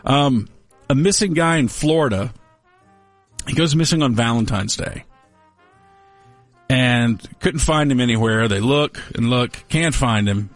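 A man's voice: mid-range voice, measured pace, dry recording. Male co-host, mid-range voice, loose, joking delivery over light music. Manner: rambling, wry, jokey. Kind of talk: casual news chat.

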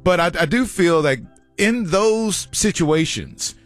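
Animated man chatting casually. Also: high voice, slow, dry recording, faint music behind. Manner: storytelling, animated quoted asides. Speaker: podcast co-host. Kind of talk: casual chat.

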